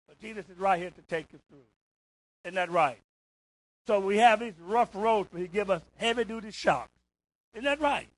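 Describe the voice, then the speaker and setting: A man preaching a call-and-response sermon in church, rising to shouts on key words and asking "isn't that right?" again and again. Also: high-pitched, animated, normal speed, dry recording, rough recording. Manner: rises to shouts on emphasis, repeats "isn't that right?".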